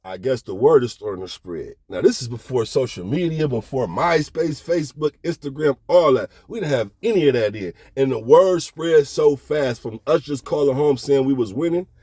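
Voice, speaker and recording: Animated middle-aged man telling a story. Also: medium pitch, normal speed, hardly any pauses, slightly rough, no echo, clean studio sound. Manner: animated, slangy, keeps checking in with the listener. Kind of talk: casual storytelling.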